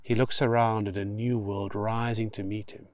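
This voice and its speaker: A man's voice: on the low side, normal speed, no echo. Man reading his own novel aloud. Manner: steady expressive reading. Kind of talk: audiobook narration.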